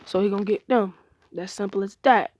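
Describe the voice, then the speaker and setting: A woman's voice: mid-range voice, fairly even intonation, brisk, darkish tone. A woman casually improvising a fan-fiction story, rambling with frequent restarts and slangy grammar.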